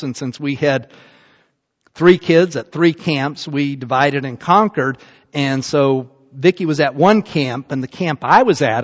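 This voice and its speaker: A man giving a sermon as pastor, telling stories in a rambling way with many restarts. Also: on the high side. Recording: dull, echoey hall.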